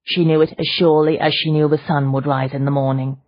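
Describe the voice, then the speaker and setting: A woman narrating an audiobook in a measured, even storytelling voice. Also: deep voice, no echo, highs cut off. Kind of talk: scripted narration.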